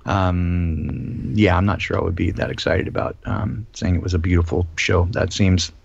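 A man's voice: low voice, moderate pace, gravelly, husky, dry recording, highs cut off. A man hosting a casual live-stream discussion, talking with many ums and restarts. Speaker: host.

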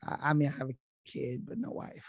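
Creaky-voiced male podcast guest. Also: medium pitch, no room sound, clean studio sound. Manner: relaxed, halting, with filler words. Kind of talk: casual chat.

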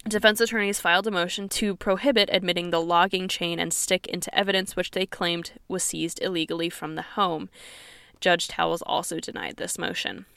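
A woman with a smooth, clear, slightly low voice narrates a true crime case for a podcast. She reads newspaper quotes aloud in an earnest, conversational way. The recording is dry and close, with no room sound. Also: fairly even intonation, a little fast, a bit bright, dry recording. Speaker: podcast host.

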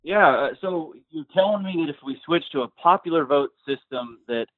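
A man's voice: fairly high pitch, animated, moderate pace, no room sound. A man from Arkansas calls into a radio show with a dry, sarcastic take. His voice comes through slightly dull and muffled, dry with no room sound. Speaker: radio caller.

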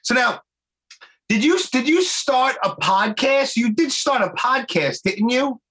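A man's voice: very high voice, animated, a little slow, bright, forceful tone, husky. A man hosting a podcast in casual chat, slangy and swearing a lot, calling his guest "dude". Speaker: podcast host.

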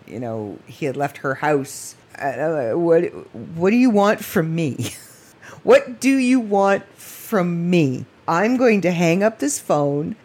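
A woman talks on her own podcast late at night, rambling from one thought to the next. Her voice is husky and a little breathy, pitched on the low side. She gets emotional and laughs often. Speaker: podcast host. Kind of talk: casual late-night monologue.

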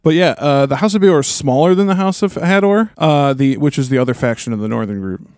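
A man with a Midwestern accent co-hosting a podcast in relaxed casual chat, leading the discussion. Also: on the high side, fairly quick, no room sound, clean studio sound. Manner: relaxed, chatty, leads the rundown. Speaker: podcast co-host.

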